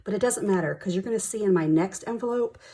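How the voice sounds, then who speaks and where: Excitable woman counting cash aloud. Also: mid-range voice, quick pace. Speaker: budgeting vlogger. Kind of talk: casual chat while counting cash.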